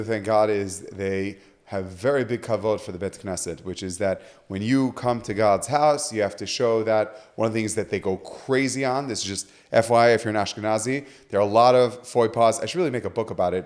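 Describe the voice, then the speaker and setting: A man, a rabbi who is a guest on a podcast, telling stories in a lively way and acting out the voices of people he quotes. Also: lowish voice, brisk, few pauses. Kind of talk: animated storytelling in conversation.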